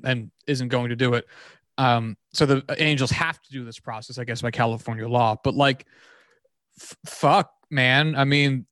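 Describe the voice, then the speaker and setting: A man co-hosting a casual sports podcast, talking in an animated, exasperated way with swearing and sarcastic asides. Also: medium pitch, no room sound, studio quality. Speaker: podcast co-host.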